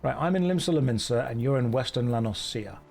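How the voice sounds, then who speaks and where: A young man chats through a game live on stream, cracking dry, sarcastic jokes as he plays. His voice sits at an ordinary middle pitch for a man. Faint music runs quietly behind him. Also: expressive, quick pace, creaky. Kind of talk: casual live game commentary. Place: warm indoor room.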